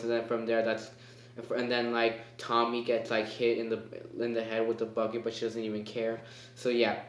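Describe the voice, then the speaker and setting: A man's voice: medium pitch, slight background noise. A man giving a casual spoken movie review. He rambles and hesitates, with lots of fillers. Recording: echoey room.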